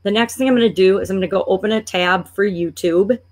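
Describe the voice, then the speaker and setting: A woman of ordinary pitch talks through a screen-share tutorial in a chatty, thinking-aloud way. She sounds playfully exasperated with a sluggish computer as she clicks along. She comes across as a business coach showing a step-by-step process. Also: fast talker, darkish tone.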